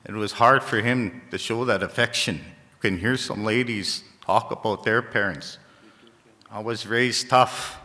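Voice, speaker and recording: A man from Saskatchewan, a First Nations community leader, gives a halting, heartfelt ceremony speech, often repeating phrases. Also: on the low side, bright, forceful tone. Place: large gymnasium. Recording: echoey gymnasium reverb.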